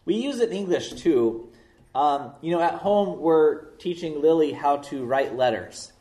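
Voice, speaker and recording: Slow, deliberate male preacher. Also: fairly high pitch, expressive, warm tone, roomy sound. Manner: slow, deliberate preaching with stressed key words. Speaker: pastor. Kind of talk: sermon.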